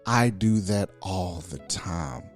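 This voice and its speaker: A man's voice: low voice, animated, takes it slowly, soft background music. A man co-hosting a podcast, chatting casually with lots of laughter and easy agreement. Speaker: podcast co-host. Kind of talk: casual chat.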